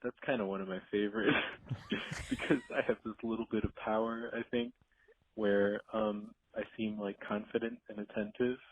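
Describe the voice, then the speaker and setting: A man's voice: on the low side, level tone, a little fast. A man leaving a rambling voicemail for a podcast, acting out quotes as he tells it. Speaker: caller. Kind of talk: voicemail story. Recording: tinny phone line.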